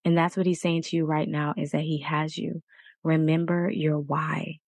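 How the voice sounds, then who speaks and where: A woman's voice: deep voice, flat delivery, normal speed, darkish tone, no echo. A woman hosting a Christian podcast, talking earnestly and repeating her encouragements to keep going. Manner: earnest, repetitive exhortation. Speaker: podcast host.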